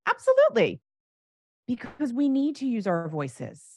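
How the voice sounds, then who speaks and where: A woman's voice: lowish voice, animated, normal speed, dry recording. A woman coaching parents, talking animatedly and acting out example phrases with emphasis. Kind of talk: advice conversation.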